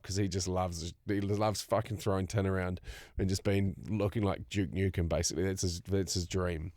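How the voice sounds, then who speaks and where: A man's voice: deep voice, fairly even intonation, brisk, dry recording, clean studio sound. A man, co-hosting a podcast with blunt, crude banter and laughing asides. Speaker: podcast co-host. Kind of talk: casual podcast chat.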